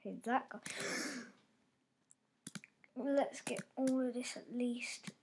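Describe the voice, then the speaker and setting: A woman giving live gameplay commentary, reacting aloud with frequent exclamations and dropping to soft mutters between outbursts. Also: a little high, slow pace, slight background noise. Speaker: gamer.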